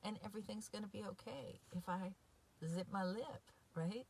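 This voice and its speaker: Creaky, husky and a little mellow, this mid-range voice moves at normal speed. She's a recovery coach and podcast host speaking straight to viewers in a relaxed, sincere way, full of fillers and repeated "right?" asides.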